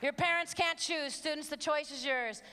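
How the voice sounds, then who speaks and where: A woman's voice: sits high, moderate pace, background noise. A woman giving an emphatic, preachy live talk to teenagers, mixing stories with direct challenges. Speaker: speaker addressing teens. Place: large hall with audience. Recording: long hall reverb, faint crowd.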